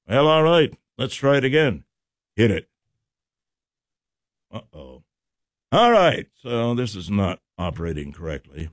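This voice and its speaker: A man's voice: lowish voice, lively intonation, normal speed, pauses often, no room sound. A man hosting a local morning radio show, joking and rambling as he reads out trivia callers and fumbles with the studio equipment. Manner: jokey, rambling, talks to himself while fumbling equipment. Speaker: radio host. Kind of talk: casual radio chat. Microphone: studio microphone.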